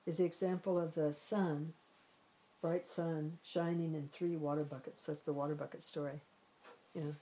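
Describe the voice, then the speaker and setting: A low, mellow female voice teaching spiritual ideas in a gentle, reflective way. She often circles back and rephrases while she searches for words. A faint hiss sits under the recording. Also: poor audio. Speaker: meditation and Vedanta teacher.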